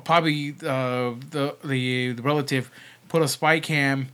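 A man's voice: medium pitch, steady tone, unhurried, a bit bright, clear, resonant tone. A man co-hosting a casual podcast, rambling with lots of repeated words and swearing. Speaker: podcast co-host. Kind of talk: casual chat.

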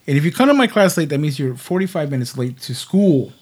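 Foul-mouthed animated male coach. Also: on the high side, fast, husky. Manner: profane, animated storyteller. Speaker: co-host, PE coach. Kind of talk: crude casual podcast banter.

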